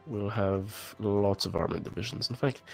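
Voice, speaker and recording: A man with a lowish voice chatting over voice chat as he plays a strategy game with friends. He is low-key and wry, mumbling his asides and dropping dry remarks. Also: normal speed, creaky, faint music behind. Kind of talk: casual multiplayer gaming chat.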